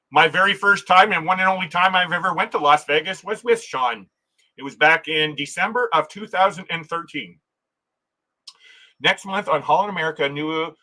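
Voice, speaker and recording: A man's voice: on the high side, pushed and bright, rough recording. Chatty man hosting a live stream. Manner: chatty, laughs often, restarts sentences. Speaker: livestream host. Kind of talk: casual live chat reading viewer comments.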